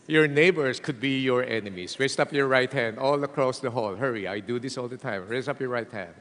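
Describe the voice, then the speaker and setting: A man preaching a sermon to a packed hall, with a Filipino accent, speaking in an animated, emphatic way. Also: mid-range voice, a little fast. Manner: animated preaching, mixing English and Tagalog, addressing the hall. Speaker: pastor. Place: large hall. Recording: long hall reverb.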